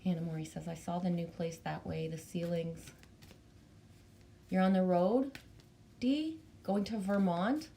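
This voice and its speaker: A woman's voice: fairly low pitch, unhurried, creaky, pauses often, warm tone, a little hiss or hum. Bubbly Canadian woman chatting live. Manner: bubbly, chatty, greets viewers by name, swears casually. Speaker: livestream host reading chat. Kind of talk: casual live chat.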